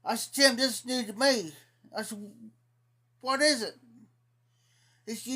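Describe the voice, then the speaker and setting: A bright, forceful, high-sitting voice belongs to a man with an Ohio accent. He drawls slowly through an indignant, meandering livestream story, repeatedly using "I said."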